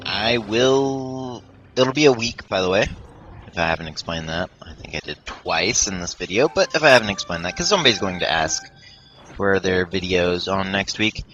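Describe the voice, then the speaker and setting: Low-voiced man chatting over game music. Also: expressive, normal speed, a bit bright, dull audio. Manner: rambling, self-deprecating, frequent fillers and restarts. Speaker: let's play commentator. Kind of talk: casual gameplay commentary. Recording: game music playing under the voice.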